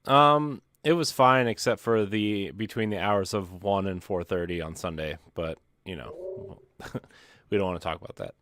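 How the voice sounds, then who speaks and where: A man's voice: low-pitched, normal speed, a bit bright, no echo. A man co-hosting a podcast over a video call, chatting casually and joking, often laughing mid-sentence. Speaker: podcast co-host. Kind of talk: casual chat.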